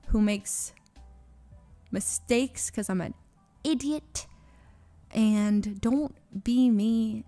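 Halting, gravelly-voiced woman streamer confessing. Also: medium pitch, mellow. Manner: halting and searching, with many restarts and fillers; nervous little laughs between phrases. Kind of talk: emotional confession to a stream audience.

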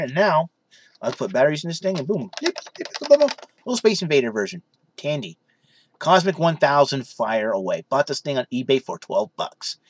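A man's voice: mid-range voice, fairly bright tone, slight background noise. A young man casually vlogging from his room in his parents' basement, rambling and saying "you know" constantly. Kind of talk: casual vlog chat.

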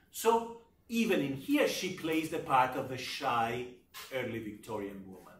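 A man giving a university literature lecture, talking in a deliberate, emphatic way and often checking in with his listeners. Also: medium pitch, fairly bright tone, a little hiss or hum. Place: lecture room. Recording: echoey room, voice from far off.

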